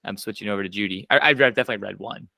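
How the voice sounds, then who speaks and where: Gravelly, bright-voiced male podcast host. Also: fairly low pitch, very fast, no echo. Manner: loose, conversational questioning with fillers. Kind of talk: casual conversational interview.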